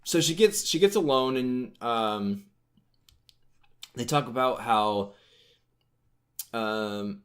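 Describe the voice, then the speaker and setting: A man's voice: medium pitch, lively intonation, slow, long pauses, fairly bright tone. A man co-hosting a podcast, casually recapping a book in a rambling way with lots of fillers. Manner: rambling, filler-heavy retelling. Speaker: podcast co-host.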